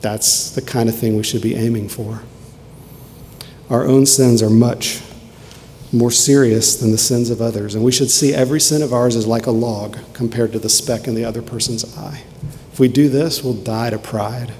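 A man preaching a sermon in an earnest way, swinging from emphatic questions to quiet, low lines, in a church sanctuary. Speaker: pastor. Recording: long hall reverb, faint ambient noise.

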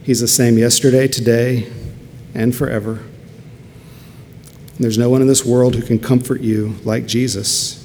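A man's voice: mid-range voice, level tone, unhurried, mellow, slight background noise. A man preaching a sermon earnestly, building to emphatic peaks. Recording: long hall reverb, faint ambience.

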